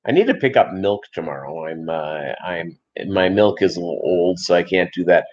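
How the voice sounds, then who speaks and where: Low-voiced man rambling on a live stream. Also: moderate pace. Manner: relaxed, rambling, many fillers. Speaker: fish-keeping channel host. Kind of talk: casual live-stream chat. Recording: dull lo-fi sound.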